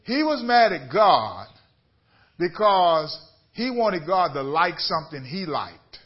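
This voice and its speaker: A man's voice: high-pitched, sing-song, slow pace, muffled recording. A man, a bishop preaching a radio sermon, building up to emphatic repeated questions to his listeners. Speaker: bishop and pastor.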